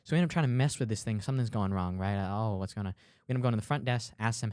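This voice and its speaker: A young man with a low voice tells a story on a casual podcast. He acts out every voice in it and throws in plenty of "dude" and "like". The sound is close and dry, with no room around it. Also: racing, no room sound. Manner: animated storyteller, acts out dialogue, fillers like "dude". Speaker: podcast co-host. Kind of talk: casual chat.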